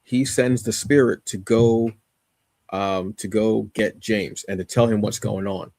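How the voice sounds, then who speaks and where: A man's voice: lowish voice, steady tone, unhurried, gravelly, darkish tone, dry recording, clean studio sound. A man co-hosting a podcast, casually reviewing a comic with rambling enthusiasm, many fillers and restarts.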